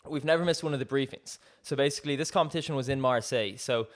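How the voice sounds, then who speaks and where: A man's voice: mid-range voice, quick pace. A young man, a podcast co-host telling a story in casual chat, acting out quoted dialogue with frequent laughs. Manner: lively, acts out quoted dialogue, laughs often.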